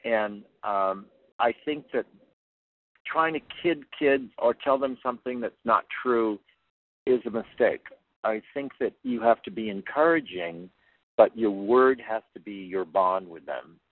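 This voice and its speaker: A man's voice: on the low side, unhurried. An older man, a figure skating coach, answering interview questions in an earnest, plainspoken way, often repeating words as he thinks. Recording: tinny phone-line sound, dry.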